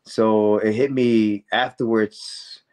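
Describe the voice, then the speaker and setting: A man telling stories as a guest in a casual interview, excitable and rambling, full of "man" and "dude". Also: fairly low pitch, slow pace. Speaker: guest, professional wrestler.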